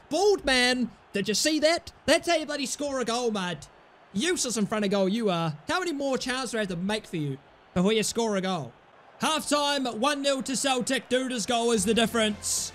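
A man giving excitable live commentary over his own football video game, muttering calls to teammates and then yelling at misses, with cheeky, sweary banter. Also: very high-pitched, moderate pace. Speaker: gaming YouTuber.

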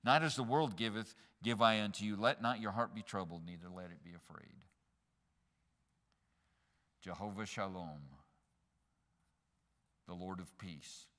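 A male pastor preaching in an animated way, climbing to loud emphatic peaks and tossing joking asides to the congregation. His voice is bright and forward. It rings out with a long reverb through a church sanctuary. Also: lowish voice, measured pace, pauses often. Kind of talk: sermon.

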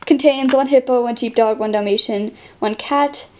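A woman hosting a casual unboxing vlog, excitable and gushing as she opens toys, with plastic bags crinkling behind her. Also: a little high, normal speed, a little hiss or hum. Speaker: toy collector and channel host.

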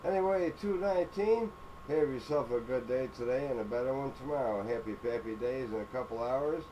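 A man's voice: mid-range voice, brisk, lo-fi sound. A man from upstate New York chatting on CB radio, drawing out his call signs and sign-offs. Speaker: CB radio operator. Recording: noisy radio recording with clicks.

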